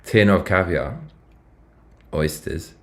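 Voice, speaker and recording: A man's voice: sits low, slow. A man with a British accent chatting casually on a live stream, swearing freely and reacting aloud as he reads. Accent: British English. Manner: swearing, excitable, reacting aloud while reading.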